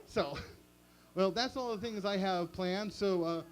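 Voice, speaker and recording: A man's voice: high-pitched, takes it slowly, faint music behind. Self-mocking man doing open mic stand-up. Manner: chatty, self-mocking, chuckles at own jokes. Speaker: stand-up comedian. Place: small open mic venue.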